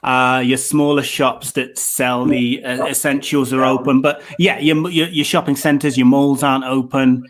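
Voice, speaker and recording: A man's voice: medium pitch, steady tone, unhurried, hardly any pauses. A man from near Coventry with a mild English Midlands accent, chatting casually as a guest on a video call, rambling and restarting often. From England, near Coventry. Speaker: documentary filmmaker guest.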